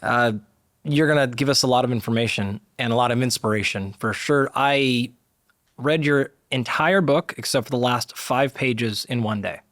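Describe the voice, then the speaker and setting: A man's voice: medium pitch, moderate pace, a bit bright, no echo, clean studio sound. A man hosting a podcast interview, speaking in an earnest, admiring way. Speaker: podcast host. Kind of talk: interview conversation.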